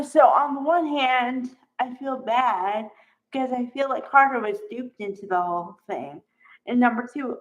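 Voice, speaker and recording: A middle-aged woman talks through soap storylines at an unhurried, drawn-out pace, her voice sitting fairly high. She sounds exasperated and animated, acting out quotes as she vents. The recording is a bit dull and lo-fi. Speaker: soap opera recap host. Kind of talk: casual recap and opinion vlog.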